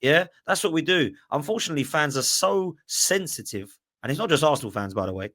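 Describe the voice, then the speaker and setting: A man's voice: on the high side, lively intonation, a little fast, fairly bright tone. A man on a football podcast panel, an Arsenal fan talking in a chatty way and often adding "right?". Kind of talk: casual football debate.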